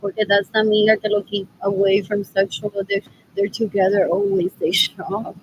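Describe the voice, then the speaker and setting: A woman with a medium-pitched voice delivers a rambling, scornful monologue flatly and at normal speed, sounding disgusted and repeatedly asking "what else?" She switches between English and Spanish. The recording is muffled, with a little hiss or hum.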